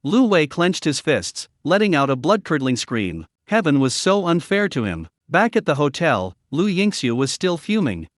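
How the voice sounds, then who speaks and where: Lively male storytelling narrator. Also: on the high side, moderate pace, few pauses, no room sound, studio quality. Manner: dramatic storytelling.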